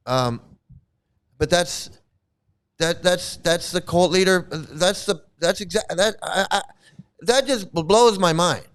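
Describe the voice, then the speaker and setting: A man's voice: high voice, takes it slowly, pauses often, fairly bright tone, clear, resonant tone. A man hosting a live reaction commentary, talking in a rambling, repetitive way with many false starts. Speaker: channel host.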